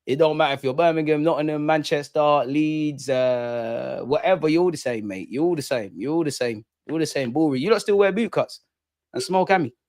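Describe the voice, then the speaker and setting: A man's voice: a little high, brisk, a little mellow, no room sound, studio quality. A young man with a London accent, casually chatting on a livestream, slangy and laughing as he reads viewer comments. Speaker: livestream host. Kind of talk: casual live chat reading viewer comments.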